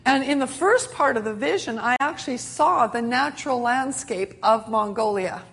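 A woman's voice: a little high, moderate pace. A middle-aged woman preacher telling a sermon testimony in an earnest storytelling way, with many restarts.

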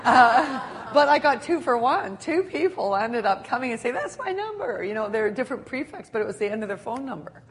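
An older woman preaching a sermon, animated and laughing often as she acts out quotes. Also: fairly high pitch, fairly quick, hardly any pauses.

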